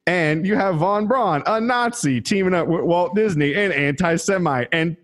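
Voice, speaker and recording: A man's voice: high voice, moderate pace. A man co-hosting a podcast who rambles through history with plenty of swearing. He keeps breaking into laughter at his own jokes. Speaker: podcast co-host. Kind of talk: casual comedic history chat.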